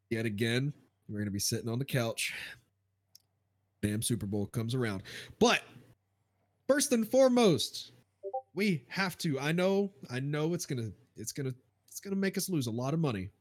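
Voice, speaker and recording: A man co-hosting a football podcast, listing his points in a heated opinion rant. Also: medium pitch. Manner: listing points, rising to outbursts. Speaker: podcast co-host.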